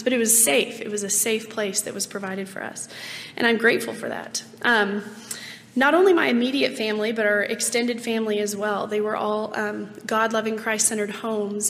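A hoarse woman in her late twenties giving an earnest, reflective personal faith testimony, with many ums. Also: fairly high pitch, fairly bright tone. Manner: earnest and reflective, with frequent ums and light laughs. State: hoarse, rough-voiced. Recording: long reverb, faint background noise.

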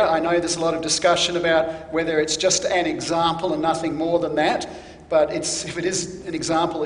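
Man, preacher, sermon, high-pitched, deliberate, stresses key words, echoey hall.

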